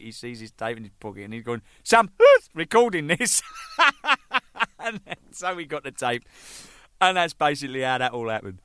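A man's voice: mid-range voice, clear, resonant tone, no echo. A man telling band stories in a casual, swearing, laughing way. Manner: animated, swearing, laughing, shouting out quoted lines. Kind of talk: casual storytelling monologue.

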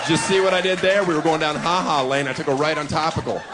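A man doing a crude, brash stand-up comedy set on a club stage, punching up his lines with shouts. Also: a little high, fast, few pauses. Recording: live club recording with crowd noise. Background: audience laughter and applause.

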